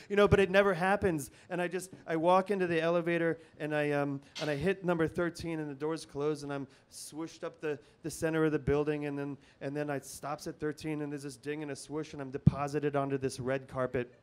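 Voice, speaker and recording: A man's voice: a little high, fairly even intonation, a little fast, few pauses, clean tone. A man telling a rambling comic story on stage at a live show, nervous and full of restarts and fillers. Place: live comedy venue.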